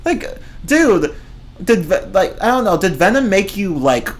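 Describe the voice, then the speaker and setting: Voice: medium pitch, big pitch swings, moderate pace. A streamer ranting casually about movies, rambling and swearing, often breaking into laughter. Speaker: streamer reviewing films. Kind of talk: casual rant.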